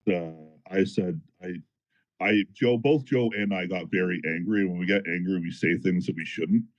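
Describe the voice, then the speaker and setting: A man telling a story in a casual podcast chat, animated and profane, as a powerlifter guest. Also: deep voice, normal speed, muffled recording. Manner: animated, profane, fired-up retelling.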